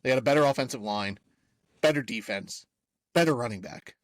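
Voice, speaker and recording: A man's voice: mid-range voice, brisk, dry recording. Laid-back young man, dry close mic. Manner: laid-back, rambling, lots of filler words. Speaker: podcast co-host. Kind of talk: casual sports chat.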